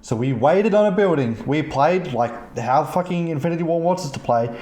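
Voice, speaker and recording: Guy hosting a gaming podcast, swears a lot, mellow voice, kinda echoey room w faint hum. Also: a little high, normal speed. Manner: profane, animated retelling. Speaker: podcast host. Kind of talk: casual chat, storytelling about gaming. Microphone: streaming mic.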